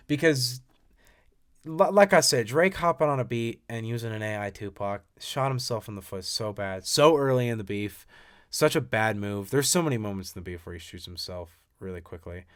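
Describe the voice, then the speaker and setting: A young man giving casual, excitable commentary, often swearing and swinging from loud bursts to quiet mumbles. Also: fairly low pitch, normal speed. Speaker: commentator reacting to music. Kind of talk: casual commentary reading lyrics aloud.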